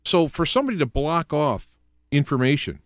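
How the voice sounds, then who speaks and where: A man's voice: fairly high pitch, very animated, brisk, no echo, clean studio sound. A man from the US Midwest with a Midwestern accent, hosting a casual solo radio talk show and rambling through examples with many restarts and fillers. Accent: Midwestern American.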